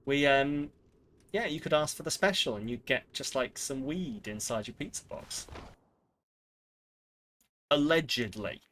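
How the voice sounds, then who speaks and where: A man's voice: mid-range voice, animated, measured pace, pauses often, a bit bright, slight background noise. A young man streaming a game and ranting sarcastically in casual chat. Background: game music.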